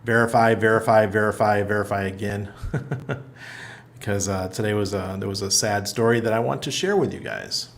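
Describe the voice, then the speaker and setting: A man's voice: fairly low pitch, expressive, brisk, gravelly, few pauses. A middle-aged man hosting a casual livestream, reading viewer comments aloud in a loose, chatty way and laughing often. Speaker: livestream host. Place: apartment in Panama.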